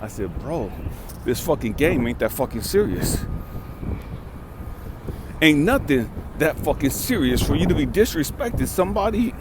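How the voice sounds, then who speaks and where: Fifty-something guy from cali, street talk, cussing a lot, pitch all over the place. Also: very animated, moderate pace, pauses often, background noise. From California. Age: 50s. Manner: emphatic, street-talking, repeats for stress. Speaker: life coach and vlogger. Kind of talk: profane storytelling monologue.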